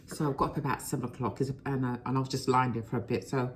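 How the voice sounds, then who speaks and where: Low-voiced chatty woman in her fifties. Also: fairly even intonation, fast, slight background noise. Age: 50s. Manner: chatty, rambling, frank, talks to viewers as friends. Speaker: vlogger. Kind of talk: casual chat to camera. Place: at home, indoors.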